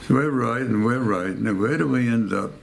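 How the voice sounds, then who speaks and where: A man from the United States in his 90s tells a war story in a rambling oral-history interview, repeating phrases and acting out quoted voices. His mid-range voice is fairly quick and creaky, with slight background noise.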